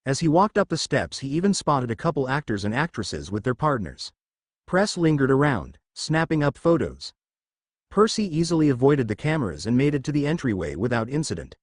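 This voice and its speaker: A man reading a fan-fiction story as narrator, in an animated storytelling manner. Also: mid-range voice, a little fast, no room sound, clean studio sound.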